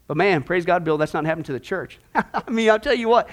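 Man preaching, high-pitched voice, emphatic, sarcastic, rhetorical questions. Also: expressive, fairly quick. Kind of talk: sermon-style Bible teaching.

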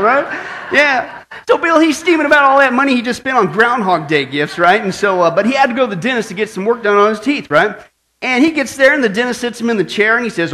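A man's voice: very high-pitched, fairly quick. A man preaching a sermon as pastor, opening with a long joke and checking in with "right?" and "okay?" after nearly every line. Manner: lively storytelling, frequent "right?" and "okay?" asides.

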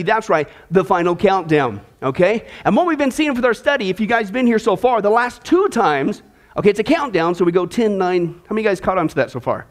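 A pastor with a strikingly high voice for a man delivers a sermon in church. He eases in with a joke and keeps a chatty tone, asking his listeners questions as he goes. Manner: jokey, conversational, asks the congregation questions.

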